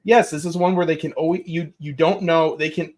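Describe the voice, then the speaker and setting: A man co-hosting a casual livestream chat, talking in a rambling, excitable way and swearing casually. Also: fairly high pitch, fairly quick. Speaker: co-host.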